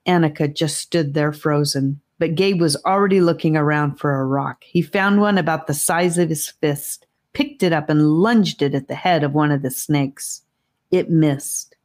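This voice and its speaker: Low-voiced woman reading a storybook. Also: a little slow, darkish tone. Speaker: audiobook reader. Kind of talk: audiobook narration.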